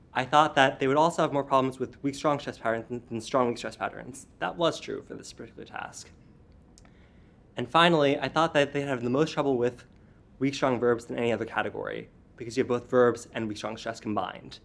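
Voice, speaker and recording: Man explaining his research findings clearly. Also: medium pitch, a bit bright. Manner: clear and explanatory, leans on contrasting word stress, a few ums. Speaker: student researcher presenting a study. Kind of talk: short academic research talk.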